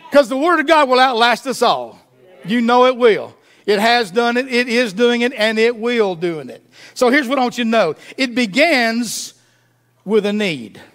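A man pastor preaching a sermon, asking the congregation questions and dropping to a soft low voice for emphasis. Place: church.

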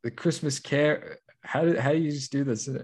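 Brash New York lady, exaggerated and mocking, pitched up high, as a man puts her on. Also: moderate pace, a little mellow, slightly rough. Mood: scornful. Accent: put-on New York. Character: brash female New York resident complaining.

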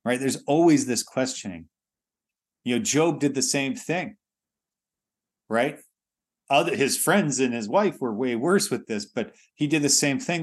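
A man's voice: medium pitch, animated, a little slow. A man preaching a sermon in a conversational way, often restarting phrases and filling with "you know".

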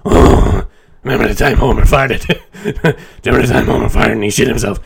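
A man voicing a raspy middle-aged cartoon woman who gleefully mocks her brother-in-law. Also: mid-range voice, moderate pace, exaggerated voice. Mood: gleeful mocking.

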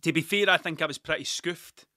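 On the high side and a little fast, this man's voice is bright with a forceful tone, recorded cleanly in a studio with no room sound. A Scottish vlogger in his thirties, he tells stories loosely and ramblingly, swearing often and interrupting his own train of thought.

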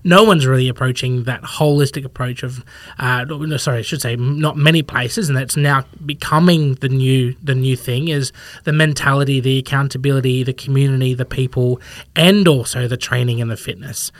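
A man's voice: mid-range voice, steady tone, moderate pace, no room sound. A man talking as a podcast guest, rambling casually and acting out what people think in little quoted asides. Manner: rambling, acts out imagined people's thoughts in quotes. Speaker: podcast guest, fitness professional. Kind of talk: casual conversational interview.

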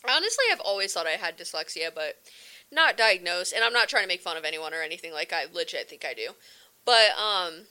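A young woman, hosting a casual chat podcast, chatty and animated, full of slang and fillers. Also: fairly low pitch, a little fast, smooth. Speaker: podcast host.

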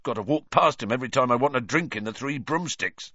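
A man voicing a huge, gruff half-giant gamekeeper who speaks in rough dialect, tearful and gloomy, for an audiobook. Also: medium pitch, animated, quick pace, bright, forceful tone, no echo, muffled recording, voice pushed up.

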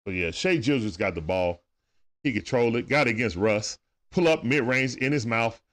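A man's voice: mid-range voice, expressive, moderate pace, a bit bright. A man with speech doing loose, chatty play-by-play on a livestream, talking back to players and viewers. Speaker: livestream game commentator. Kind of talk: casual play-by-play commentary.

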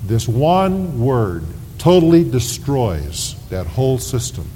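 Man, pastor, sermon, deliberate emphatic delivery, long church reverb, faint rumble. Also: very animated, warm tone. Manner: slow, deliberate preaching with emphatic stresses.

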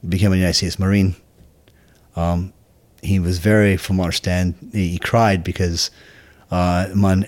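A middle-aged man from Scotland with a Scottish accent, telling stories from his life in a casual interview, halting and full of restarts. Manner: halting, many restarts, low and quiet asides. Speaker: podcast guest.

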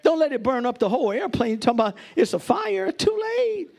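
A middle-aged pastor delivers a lively sermon to his congregation in church, his very high, gravelly voice moving a little fast. He climbs to shouted peaks, laughs often, and speaks directly to the people in the pews.

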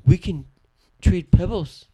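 Man putting on a high, rambling old grandpa. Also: takes it slowly, warm tone, slightly rough, dull audio, full character voice. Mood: silly. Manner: broken, childlike phrasing. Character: rambling elderly male grandpa character.

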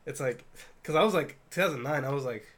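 A man's voice: a little high, fast talker, a bit bright. Profane, laughing young man telling stories. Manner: profane, storytelling, laughs often. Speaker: podcast co-host. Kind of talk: casual chat.

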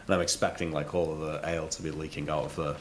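A man's voice: rumbling low, little pitch movement, fast talker, slight background noise. A man describing his character's moves in a tabletop role-playing game, casually and with many hesitations. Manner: casual, hesitant, filler-heavy. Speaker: player.

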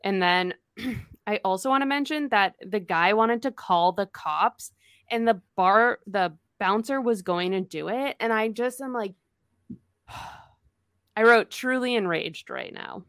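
A woman's voice: mid-range voice, a little slow, fairly bright tone, smooth, dry recording, clean studio sound. A woman co-hosting a casual book podcast, reading passages aloud and reacting to them with strong opinions. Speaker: podcast co-host. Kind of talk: casual book club chat.

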